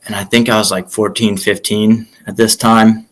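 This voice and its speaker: A young man who used to wrestle in college appears as a guest, casually telling stories and animatedly acting out the quotes. His fairly low voice comes at normal speed through a rough recording.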